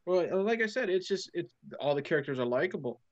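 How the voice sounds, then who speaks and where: A man's voice: on the high side, expressive, fairly quick. Eager man with a dull lo-fi sound. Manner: enthusiastic, recounts scenes in detail. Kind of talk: casual film discussion.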